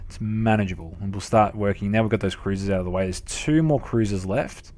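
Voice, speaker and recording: Commentating a game live, this young Australian streamer chats casually with his viewers and curses heavily. He's expressive and brisk, with few pauses, and his lowish voice has a darkish tone.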